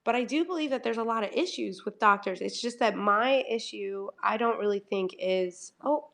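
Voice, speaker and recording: A woman's voice: fairly high pitch, normal speed, vocal fry, hardly any pauses, a bit bright. A talkative woman livestreaming from home, chatting casually and acting out her own conversations. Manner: chatty, over-explaining, quoting herself in dialogue. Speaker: livestream host.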